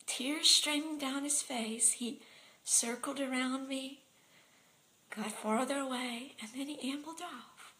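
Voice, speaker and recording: A woman telling a personal story in a soft, half-whispered, heartfelt way. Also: high-pitched, slow pace, low-quality recording. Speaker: speaker sharing a personal story.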